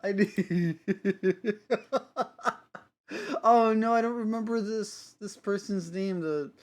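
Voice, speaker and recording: Slow-talking giggly male streamer. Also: high voice, darkish tone. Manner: rambling, giggly, self-interrupting. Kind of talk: casual live-stream chat.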